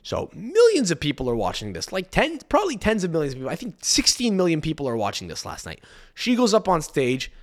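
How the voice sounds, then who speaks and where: A man's voice: a little high, wildly swooping pitch, a little fast. A young man hosting a podcast, ranting in a frantic, rambling and profane way. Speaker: podcast host. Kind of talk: solo podcast rant.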